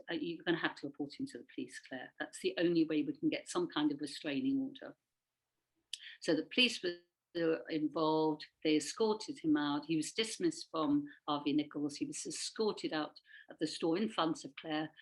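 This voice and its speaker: A woman with a low voice gives a personal account at a webinar. She speaks haltingly, pausing often, filling gaps with "uh" and restarting her sentences. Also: poor audio. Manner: halting, with many fillers and restarts. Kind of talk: personal testimony.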